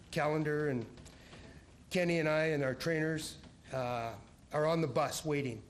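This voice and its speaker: A former head coach speaks at an awards ceremony in a banquet hall and rambles through a team story. His voice sits a bit high, with faint noise in the background. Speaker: head coach giving an induction speech.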